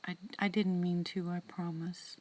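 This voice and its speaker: A woman hosting a casual live-stream chat with viewers from outdoors in the woods at night. She talks softly into a phone, often slipping into whispers, chatty and heartfelt. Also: sits low, moderate pace. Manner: soft-spoken, drops into whispers, chatty and heartfelt.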